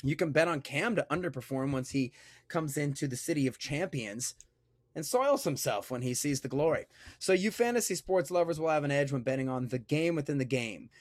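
On a dry recording, a man with a slightly high voice hosts a sports podcast. He reads an ad and chats casually, joking and rambling while constantly interrupting himself.

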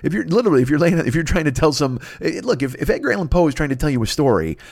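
A man's voice: a little high, big pitch swings, racing, creaky, darkish tone, dry recording. A man in his fifties, a podcast host, riffing in a rambling, profane comedic rant and acting out silly voices. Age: 50s.

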